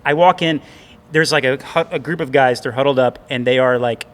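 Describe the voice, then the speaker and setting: Recorded indoors in a gym, a male co-host of a casual talk show tells a rambling, self-deprecating story with many restarts. His voice is medium-pitched, brisk, and a bit bright.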